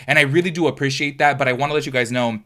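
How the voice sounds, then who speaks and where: A chatty young man talking straight to his viewers in a casual vlog. He talks fast and runs on, and his voice sits at an ordinary middle pitch. He calls his audience y'all. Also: fairly even intonation, bright, forceful tone. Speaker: beauty YouTuber.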